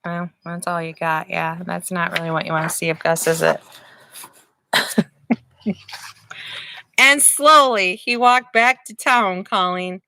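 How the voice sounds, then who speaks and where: A woman preschool teacher reading a picture book aloud to young children, animated and asking them questions. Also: on the low side, slow, vocal fry, long pauses.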